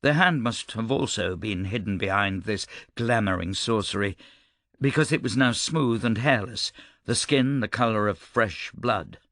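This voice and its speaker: With a fairly low pitch, a man reads scripted audiobook narration in a calm, measured rhythm. The studio sound is clean, with no room audible.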